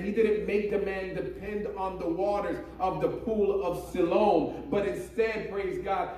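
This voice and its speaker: A man preaching with rising fervor, punctuating every thought with praise God and hallelujah. His voice sits high for a man and rings through a very echoey room, picked up from some distance off the mic. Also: a little mellow. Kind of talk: sermon.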